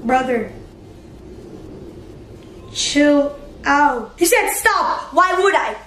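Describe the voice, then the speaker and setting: A woman vlogging in a casual, excited way, reading messages aloud and reacting with animated exclamations. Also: high-pitched, very slow, slight background noise. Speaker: YouTuber. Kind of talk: excited casual vlog commentary. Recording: roomy echo with faint music.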